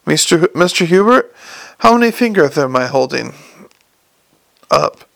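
A man playing a gruff, lisping male lab servant with an Uberwald accent. His voice is gravelly and sits close and dry, as in a storybook reading. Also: on the high side, big pitch swings, normal speed, fairly bright tone, no room sound, heavily acted. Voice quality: lisp.

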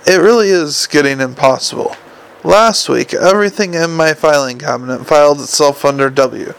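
A man voicing a fussy, nervous middle-aged male wizard who chatters and flusters, with a gravelly edge. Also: fairly high pitch, moderate pace, rough recording. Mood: chatty. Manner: flustered, chatty, eager to please.

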